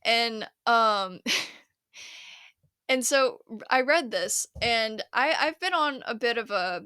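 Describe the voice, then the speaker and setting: Casual solo podcast host, young woman, slightly high and bright, dry close mic. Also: slow pace, clean tone, no echo. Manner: chatty, laughs often, paraphrases scripture in slangy put-on voices.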